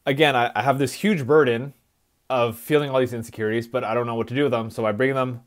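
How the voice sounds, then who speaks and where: A man's voice: medium pitch, steady tone, fast. A man who speaks at schools, telling his life story in a reflective, conversational way on a live stream. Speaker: motivational speaker.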